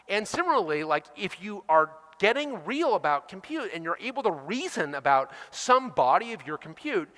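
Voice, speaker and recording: A middle-aged man gives a technical conference talk in a large hall, and the long reverb trails after his words. He is fast and emphatic, jumping around a lot in pitch as he acts out the voices he quotes. His tone is bright and forceful. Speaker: conference speaker.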